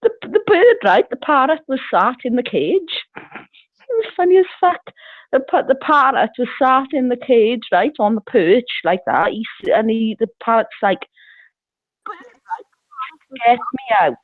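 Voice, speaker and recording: A woman's voice: a little high, expressive, moderate pace, no room sound. A woman telling a rambling, swear-filled story over the phone, laughing often. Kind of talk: casual storytelling chat. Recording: tinny phone line.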